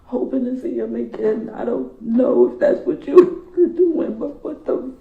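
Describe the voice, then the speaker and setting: A tearful woman speaking to a courtroom in a halting, grief-stricken way, her voice breaking, recorded as echoey, muffled courtroom audio. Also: a little high, gravelly. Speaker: victim's relative giving a statement in court. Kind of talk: emotional victim impact statement.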